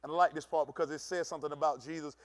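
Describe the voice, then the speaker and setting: Pastor preaching in church, high-pitched man, animated and chatty, close dry mic. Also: racing, no echo. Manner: animated preaching, swings from shouting to low asides; conversational, uses African American Vernacular English. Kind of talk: sermon.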